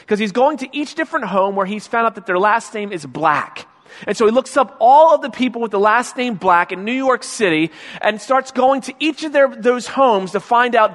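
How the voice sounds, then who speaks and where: A male pastor giving a sermon, telling a story in a conversational way that builds into loud, emphatic stretches. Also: on the high side. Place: large church sanctuary. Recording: long church-hall reverb.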